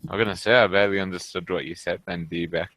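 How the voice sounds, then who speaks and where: Low-voiced West Yorkshire man. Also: fairly even intonation, fast, fairly bright tone, no echo. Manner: hesitant, filler-heavy teasing. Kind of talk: casual online group chat.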